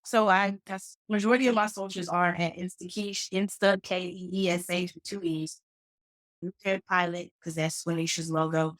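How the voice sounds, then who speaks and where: A woman in her thirties from Dallas, a comedian guest telling a story in a casual, animated interview over a call. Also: lowish voice, moderate pace, no echo, low-quality recording. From Dallas, Texas. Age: 30s. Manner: joking, animated storyteller with playful asides. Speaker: guest, comedian and flight attendant. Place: remote call.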